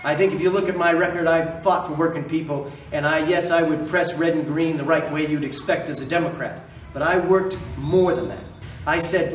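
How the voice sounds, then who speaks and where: A man's voice: fairly high pitch, echoey room, recorded from a distance, a little hiss or hum, rough recording. A man running for governor, giving an impassioned campaign speech to a committee and repeating lines for emphasis. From Maine. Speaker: political candidate.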